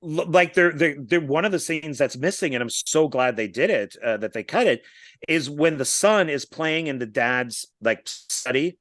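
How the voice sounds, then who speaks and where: A man co-hosting a podcast, retelling movie scenes in a casual, animated way, quoting the characters' lines as he goes. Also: on the high side, moderate pace, dry recording, clean studio sound. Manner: animated storyteller who retells scenes with quoted lines and small laughs. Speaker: podcast co-host. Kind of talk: casual film chat.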